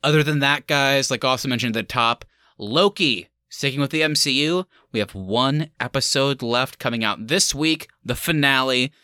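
A man's voice: mid-range voice, normal speed, pushed and bright, clear, resonant tone, no room sound, studio quality. A man co-hosting a movie review podcast in casual chat, with sarcastic mock speeches and frequent laughter. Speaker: podcast co-host.

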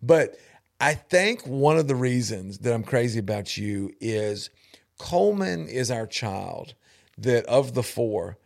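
A middle-aged man, hosting a casual chat and telling animated family stories full of laughter and restarts. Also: mid-range voice, slow pace, gravelly. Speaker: podcast host.

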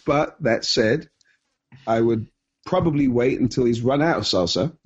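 A man co-hosting a podcast in casual chat, giggly and deliberate. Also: mid-range voice, husky, muffled recording. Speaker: podcast co-host.

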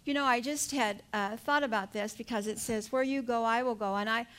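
An older woman delivers a sermon in a high, light voice. She tells the story in a lively, animated way and laughs now and then. She presses each point home with emphatic appeals to her listeners. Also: fairly quick, clear, resonant tone. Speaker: preacher.

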